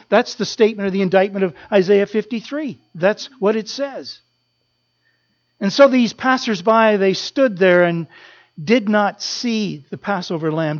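A preacher delivering a sermon with impassioned repetition, building up and falling to a hush. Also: medium pitch, highs cut off. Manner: impassioned, repetitive, swelling then dropping to a hush.

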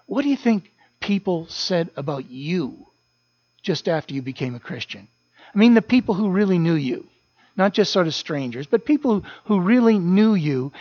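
A man's voice: sits high, darkish tone, no room sound, muffled recording. A man preaching a sermon as a pastor, earnest, repeating key phrases for emphasis.

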